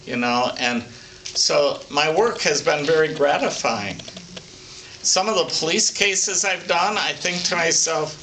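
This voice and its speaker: An older man speaking as a psychic medium, telling stories from his life in a plainspoken, folksy, unhurried way for an oral history. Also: mid-range voice, sharp tone. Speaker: psychic medium recounting readings. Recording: distant mic with faint background hiss.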